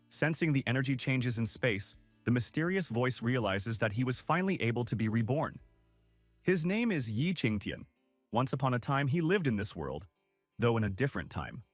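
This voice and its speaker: A man's voice: mid-range voice, expressive, fairly quick, dry recording, faint music behind. A man giving scripted, dramatic story narration as a manhwa recap narrator.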